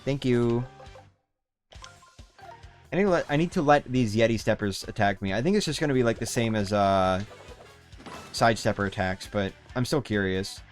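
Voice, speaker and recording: A man's voice: medium pitch, expressive, normal speed, long pauses, faint music behind. A young man in his twenties chatting casually on a game livestream, rambling, swearing often and restarting his sentences. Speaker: game streamer. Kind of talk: casual gaming livestream chat.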